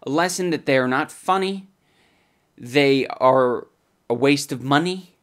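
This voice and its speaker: A man's voice: medium pitch, a little slow. Sarcastic young man mocking a product. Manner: crude, mocking, swears often; swings between loud outbursts and muttered asides. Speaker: comedy vlog host. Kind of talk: sarcastic comedic product review.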